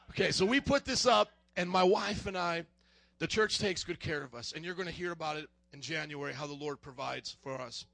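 A man stands before a church congregation and gives an emotional testimony, swinging from loud calls to near-whispers. His voice sits high and has a gravelly edge. The sound is dry and close. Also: no room sound. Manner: excitable, emotional, swings between shouting and hushed. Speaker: church minister giving a testimony. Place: church sanctuary.

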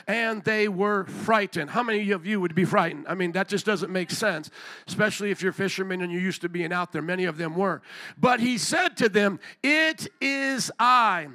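A male pastor preaching a sermon in a lively, conversational way, calling out to the congregation. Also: high voice. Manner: lively, conversational preaching with crowd call-outs.

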